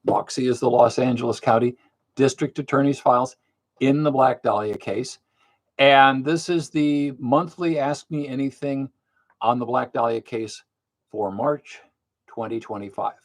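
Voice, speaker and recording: A man's voice: medium pitch, unhurried. Blunt older man hosting a live Q&A. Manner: blunt, matter-of-fact, with many fillers. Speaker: livestream host. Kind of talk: casual live Q&A talk.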